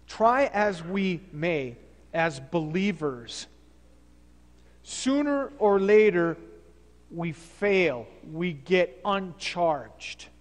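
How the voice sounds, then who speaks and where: High-voiced pastor preaching in a church. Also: male voice, expressive, very slow, big-room sound. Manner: conversational preaching, fillers and restarts. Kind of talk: sermon. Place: church sanctuary.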